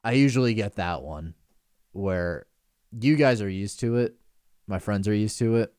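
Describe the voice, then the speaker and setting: A man's voice: lowish voice, unhurried, darkish tone, clear, resonant tone, no echo, studio quality. A man in his twenties co-hosting a podcast, telling rambling, self-deprecating stories in casual chat with a giggly manner. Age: 20s. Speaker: podcast co-host.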